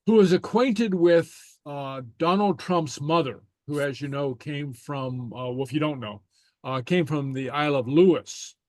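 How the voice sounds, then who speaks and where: A man's voice: a little high, darkish tone, dry recording. A man teaching an online Gaelic class on a video call, telling stories in a rambling way with many filler sounds and easy laughs. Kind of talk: casual online class chat.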